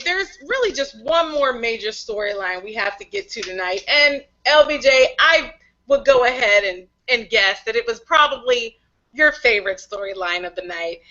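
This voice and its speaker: A woman co-hosting a TV recap podcast, retelling scenes in an animated, storytelling way. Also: fairly high pitch, lo-fi sound. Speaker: podcast co-host. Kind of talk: TV episode recap chat.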